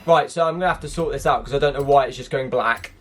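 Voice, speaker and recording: A man commenting on a racing game while he plays, excitable and quick to burst into frustrated shouts. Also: mid-range voice, a little hiss or hum. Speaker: gaming YouTuber.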